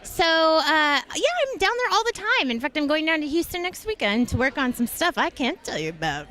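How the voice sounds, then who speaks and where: A woman's voice: sits high, sing-song, a little fast, pushed and bright. A woman in her thirties, a voice actress talking enthusiastically in a convention interview. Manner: bubbly and enthusiastic. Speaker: voice actress and guest.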